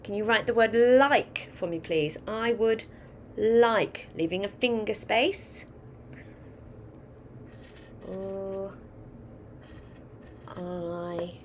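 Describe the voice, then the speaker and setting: A woman's voice: mid-range voice, very slow, long pauses, darkish tone, slight background noise. A woman teaching a phonics lesson, patiently dictating a sentence word by word and coaching children on spelling. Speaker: primary school teacher.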